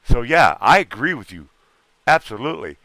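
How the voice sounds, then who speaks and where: A man's voice: medium pitch, sing-song, moderate pace, sharp tone, dry recording. A middle-aged man hosting a casual livestream chat, talking in a rambling, earnest way and repeating himself. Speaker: livestream host.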